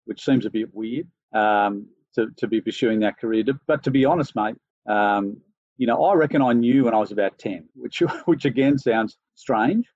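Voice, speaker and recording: A man's voice: on the low side, fairly quick, darkish tone, dry recording. Laid-back Australian man, dry dull sound. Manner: easygoing, thinks aloud with many fillers and restarts. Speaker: interview guest, organisation chief executive. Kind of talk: relaxed conversational interview.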